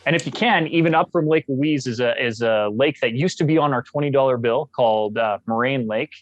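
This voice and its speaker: Jovial guy from canada chatting as a podcast guest, lively storyteller, dry close sound. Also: mid-range voice, a little fast, no room sound, lo-fi sound. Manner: jovial, enthusiastic, animated storyteller. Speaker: guest, actor. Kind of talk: casual podcast interview.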